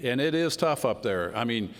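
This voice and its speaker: A man's voice: mid-range voice, expressive, moderate pace, a bit bright. Folksy man speaking in a hall. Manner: folksy, storytelling, says y'all. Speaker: congressman giving a speech. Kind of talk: unscripted political speech. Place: large hall before a crowd. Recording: hall reverb with crowd.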